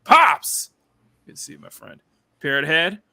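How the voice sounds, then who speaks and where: Excitable, giggly male streamer, high voice with a gravelly edge. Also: a little slow. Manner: giggly, excitable, greets chat by name. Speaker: streamer host. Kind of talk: casual live-stream chat.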